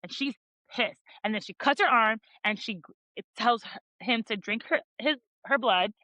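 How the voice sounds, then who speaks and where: Woman, podcast co-host, sassy animated recap, bright voice, dry close sound. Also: on the high side, dry recording, low-quality recording. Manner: animated, sassy retelling with acted quotes and swearing. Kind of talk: casual book recap chat.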